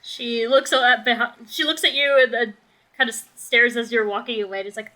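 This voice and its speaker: A woman's voice: fairly high pitch, steady tone, a little fast, pushed and bright, rough recording. A young woman narrating as game master in a casual, rambling way.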